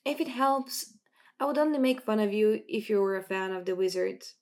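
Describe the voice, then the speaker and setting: A gentle, open teen girl who trusts her gadgets a little too much, read aloud by a woman. She speaks softly and sincerely. A faint gravelly texture sits under the voice. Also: mid-range voice, moderate pace, close to an everyday voice. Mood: friendly.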